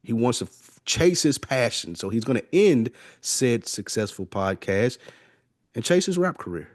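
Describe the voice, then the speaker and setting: A man's voice: medium pitch, very animated, moderate pace, no room sound, studio quality. A man co-hosting a podcast, laid-back in casual chat and steering the conversation to the next topic. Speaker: podcast co-host.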